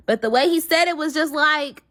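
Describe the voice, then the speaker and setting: A young woman telling a storytime in a casual, animated way, with heavy swearing and slang, voicing the people she quotes. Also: sits high, moderate pace. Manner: animated, profane, slangy retelling with quoted voices.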